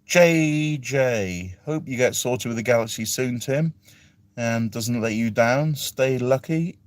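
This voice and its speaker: A man's voice: medium pitch, takes it slowly, no room sound. A man from England, chatting casually on a live stream and reading out viewer comments with self-deprecating chuckles. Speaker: vlogger reading live chat.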